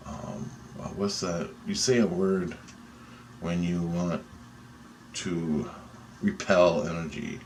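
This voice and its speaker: A man telling a dream story in an excitable, rambling way, swearing often and restarting sentences. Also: low-pitched, a little hiss or hum.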